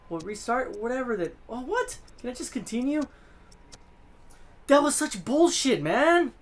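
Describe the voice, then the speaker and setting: A gaming host does let's-play commentary at an unhurried pace, very animated and swearing a lot. He swings from low muttering to yelling at the game.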